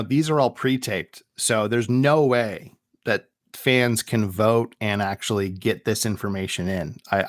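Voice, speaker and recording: A man's voice: on the low side, no room sound. Rambling male podcast co-host, dry sound. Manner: rambling, repeats words and restarts. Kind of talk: casual chat.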